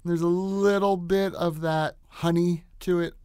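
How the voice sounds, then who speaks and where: A man's voice: sits high, flat delivery, measured pace, dark tone, clean tone, dry recording, clean studio sound. A man playing a tabletop game, chatting in a playful, joking way. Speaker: game player. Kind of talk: casual tabletop game chat.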